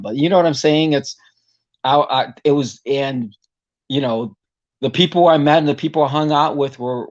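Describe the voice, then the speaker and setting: A man's voice: medium pitch, dull audio. A man, a singer, talking as a guest in a casual interview and telling a long story that rambles and is full of "you know" fillers. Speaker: guest vocalist.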